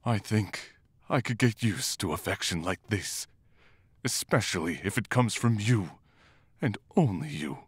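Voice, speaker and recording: A man voicing a gentle, tearful demon-hunting monk in a romantic character audio role-play, talking in a shy, halting, emotional way. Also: on the low side, lively intonation, no echo, studio quality. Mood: tender. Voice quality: soft, husky, slow and tender.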